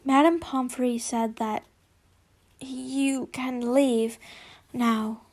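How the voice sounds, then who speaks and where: Young woman, high voice, slow giggly read-aloud of fan fiction, trips and fixes her words. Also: steady tone, a little mellow. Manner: giggly, stumbles and corrects herself.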